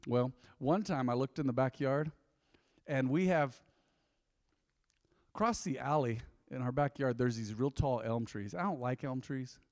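A male pastor giving a sermon, an animated storyteller who acts out scenes, speaking in a church sanctuary. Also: mid-range voice, unhurried. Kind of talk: sermon with personal anecdotes. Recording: long church hall reverb.

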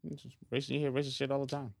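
A man's voice: mid-range voice, monotone, very fast, vocal fry, darkish tone. A man co-hosting a podcast in casual chat, laid-back, laughing often and trailing off. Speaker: podcast co-host.

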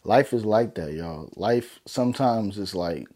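A young male vlogger gives a casual motivational talk to camera in a lowish, mellow, expressive voice, unhurried and with few pauses. He speaks to his viewers loosely and earnestly, heartfelt and slangy, leaning constantly on fillers like "man" and "you know."

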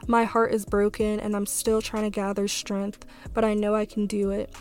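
A young woman, hosting a podcast, speaking softly and tearfully, with halting fillers as she reads a letter aloud. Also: medium pitch, flat delivery. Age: young adult. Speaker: podcast host. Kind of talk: reading a letter and a poem, then casual talk.

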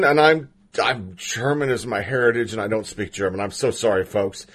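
A man's voice: mid-range voice, normal speed. A man hosting a political podcast, talking casually and with strong opinions, stumbling over names now and then. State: has the hiccups. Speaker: podcast host.

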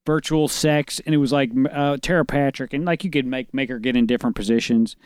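A man's voice: mid-range voice, steady tone, a little fast, darkish tone, smooth, no echo. A man co-hosting a podcast in casual chat, crude and wisecracking with lots of profanity. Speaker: podcast co-host.

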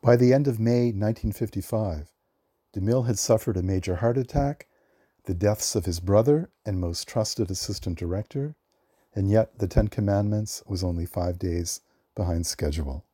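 Low mellow-voiced man reading film history. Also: normal speed, husky, no echo, studio quality. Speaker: film librarian guest.

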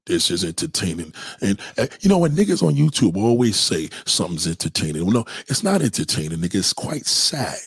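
Brooklyn man, husky, profane roast-style livestreamer. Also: lowish voice, very animated, fast, few pauses, no room sound. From Brooklyn, New York. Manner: profane, mocking, loud bursts of insults. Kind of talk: trash-talking livestream rant.

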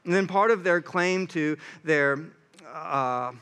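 A young man delivers a sermon in a high, light voice. He talks in an earnest, conversational way and turns animated when he acts out other people's words. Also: slow, clean tone. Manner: earnest and animated, acting out quoted lines. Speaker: pastor.

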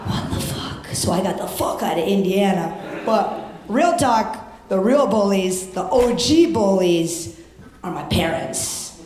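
A young adult woman doing a stand-up comedy set, brash and profane, jumping up to shout her punchlines. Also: mid-range voice, animated, a little slow. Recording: echoey live club.

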